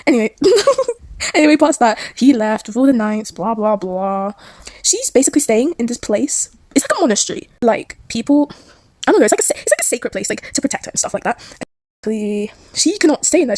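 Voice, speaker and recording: Young woman, chatty rambling recap vlogger, high bouncy voice, dry close sound. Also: no room sound. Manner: chatty, rambling, giggly, acts out characters' lines. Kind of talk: casual story recap.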